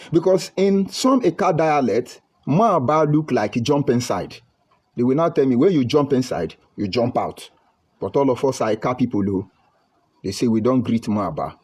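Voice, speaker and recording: A man's voice: mid-range voice, dark tone, husky. A middle-aged Nigerian man speaking in a heated monologue with a Nigerian English accent, firing off rhetorical questions. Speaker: political commentator. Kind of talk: impassioned online monologue.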